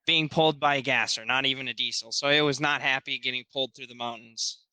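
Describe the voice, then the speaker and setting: Man, bright tone, smooth crisp voice, casual chat. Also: mid-range voice, steady tone, quick pace, no room sound.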